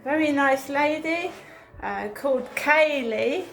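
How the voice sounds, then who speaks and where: A woman's voice: high-pitched, expressive, takes it slowly, soft background music. Chatty woman on a walk. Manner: chatty, incredulous storytelling. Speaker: vlogger. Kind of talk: casual chat. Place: outdoors, walking a dog.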